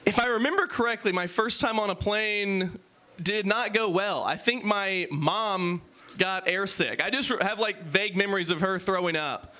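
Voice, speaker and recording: A man with a high, bright, forceful voice performs improvised stand-up. He riffs quickly with the crowd on topics the audience suggests, often at his own expense.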